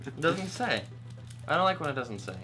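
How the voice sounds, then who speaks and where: A man's voice: a little high, sing-song, moderate pace. Playful man co-hosting a noisy vlog. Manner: playful, teasing. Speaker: vlog co-host. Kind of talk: casual chat while opening fan mail.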